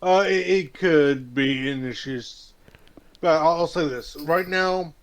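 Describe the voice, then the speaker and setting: A man chatting on a game stream, hesitant and halting, with many pauses. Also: a little high. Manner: hesitant, lots of uh and restarts. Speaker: stream guest. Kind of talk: casual chat while gaming.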